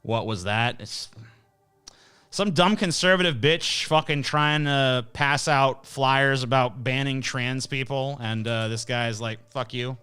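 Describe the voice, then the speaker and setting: A man's voice: mid-range voice, slow, bright, forceful tone, clean tone. A male host giving blunt, profane, scornful ranting commentary while reacting to clips and viewer questions.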